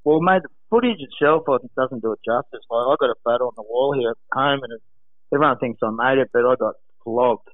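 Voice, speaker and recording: An Australian man calling in to a radio show from home, telling stories in an animated way, laughing often and acting out quotes. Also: medium pitch, fast talker, dry recording. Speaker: guest, former lifeguard. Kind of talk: casual storytelling on a radio call. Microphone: phone. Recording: tinny phone line.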